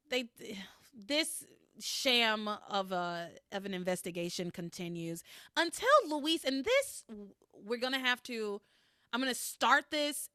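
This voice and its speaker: A woman hosting a podcast, recapping episodes in a casual, animated way, laughing often and swearing freely. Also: mid-range voice, dry recording, studio quality. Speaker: podcast host recapping a soap opera. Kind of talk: casual chat.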